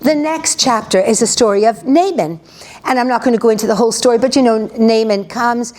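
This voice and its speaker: Chatty woman preacher with a higher voice. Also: fairly quick, a little mellow. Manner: chatty, lots of "you know", restarts. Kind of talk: conversational sermon retelling a story.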